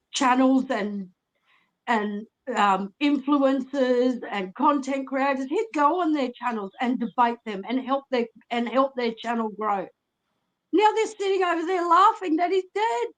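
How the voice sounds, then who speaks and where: A woman calling into a livestream sounds tearful and upset. Her voice is high, and she talks bluntly with lots of cursing. Her talk is casual and emotional. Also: a little slow, rough recording. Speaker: call-in guest.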